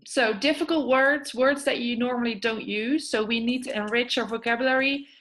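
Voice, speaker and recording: A woman's voice: a little high, steady tone, normal speed, fairly bright tone. A woman hosting an online class, upbeat and asking the group questions. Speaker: webinar host.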